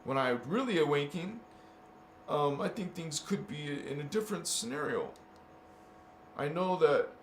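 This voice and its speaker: A man talking casually to his viewers in a meandering monologue, often restarting and repeating words. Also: fairly high pitch. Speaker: spiritual vlogger. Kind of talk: rambling casual monologue to camera. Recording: echoey room with faint background noise.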